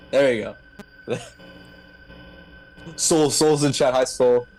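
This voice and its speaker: Male streamer, casual co-host banter, animated and jokey. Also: mid-range voice, extremely slow, soft background music, poor audio. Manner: joking, laughs often, lively delivery. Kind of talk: casual gaming stream chat.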